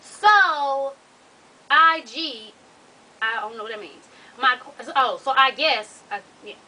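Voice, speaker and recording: A woman reading a viewer's letter aloud and giving blunt, sassy advice, swearing freely and breaking into loud exclamations. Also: high-pitched, slow, recorded from a distance, low-quality recording. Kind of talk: casual advice vlog.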